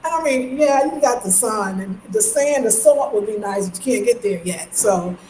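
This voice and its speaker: A woman's voice: a little high, lively intonation, moderate pace, a little mellow. A young woman with a New York accent, chatting on a casual livestream, reading comments aloud and laughing often. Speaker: livestream host. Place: home. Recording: echoey room, faint noise.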